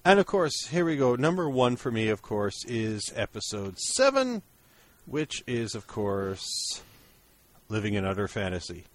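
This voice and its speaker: A man's voice: mid-range voice, big pitch swings, a little slow. A man co-hosting a podcast, chatting casually about old episodes and laughing often as he retells the jokes. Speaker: podcast co-host. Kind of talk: casual chat.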